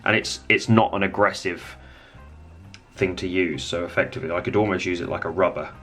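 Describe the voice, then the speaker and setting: A man giving a relaxed, rambling hobby painting tutorial, thinking aloud as he works. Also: low voice, fairly quick, soft background music.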